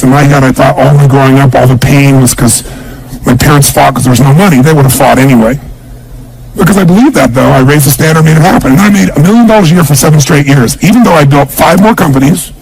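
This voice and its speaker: A man's voice: on the high side, quick pace, creaky, darkish tone, slightly rough, rough recording. A man giving an emphatic motivational seminar speech, drilling the audience with questions and call-and-response. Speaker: motivational speaker.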